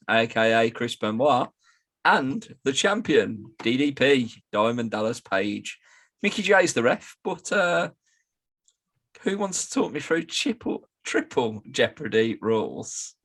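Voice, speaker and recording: A man's voice: medium pitch, animated, takes it slowly, a bit bright, husky. A man co-hosting a podcast, teasing and swearing in casual chat. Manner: banterous, teasing, swears freely. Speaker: podcast co-host.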